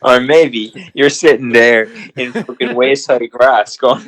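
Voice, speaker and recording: A man's voice: mid-range voice, slow pace, fairly bright tone, rough recording. A man co-hosting a casual podcast, teasing his friend with wry, sweary remarks. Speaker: podcast co-host.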